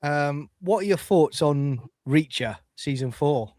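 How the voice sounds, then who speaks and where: A man's voice: a little high, lively intonation, takes it slowly, a little mellow, dry recording, clean studio sound. A man co-hosting a casual pub chat, bantering in a jokey, exasperated way. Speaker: co-host.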